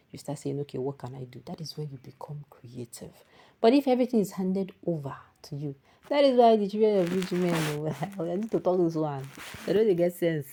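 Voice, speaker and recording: A woman's voice: sits low, dark tone. A woman with a Nigerian accent giving opinionated news commentary in an emphatic, scolding, conversational manner.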